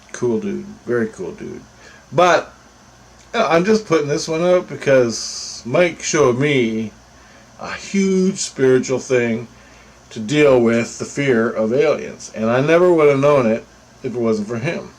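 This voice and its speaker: In a rambling, casual way, a man tells a personal story and gets animated whenever he quotes what other people said. His voice sits in the mid range, and the audio quality is poor.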